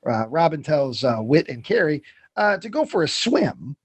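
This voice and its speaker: A man's voice: on the high side, sing-song, moderate pace, breathy edge, no echo. A man co-hosting a podcast, recapping a film scene by scene in loose chat, with lots of fillers and swearing. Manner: swearing, rambling with many fillers.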